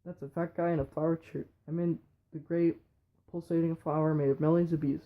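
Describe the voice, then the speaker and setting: A man reading a whole film script aloud in a quick, flat way with slips. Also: fairly high pitch, phone-quality sound. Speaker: reader.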